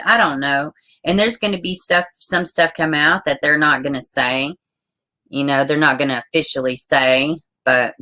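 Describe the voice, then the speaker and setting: A woman's voice: mid-range voice, pushed and bright. A woman streamer rambling casually to her viewers, swearing often and trailing off mid-thought. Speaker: live streamer.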